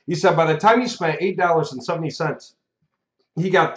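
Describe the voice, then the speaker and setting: A man's voice: on the high side, a little fast. A man giving a casual video update as the host of a marketing course. He has the hiccups, laughs often and rambles. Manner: chatty, laughs often, restarts and fillers. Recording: echoey room, dull lo-fi sound.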